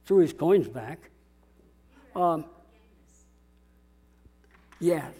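A man's voice: a little high, lively intonation, drawn-out words, mellow, husky. A man preaching a sermon as a pastor, dramatic and calling out to his congregation. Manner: dramatic, call-and-response preaching.

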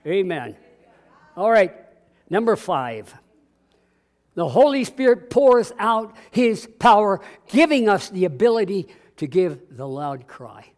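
A man's voice: sits high, very animated, takes it slowly, a little mellow. A man preaching a conversational sermon, acting out dialogue and drawing responses from the congregation. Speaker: pastor. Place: church sanctuary.

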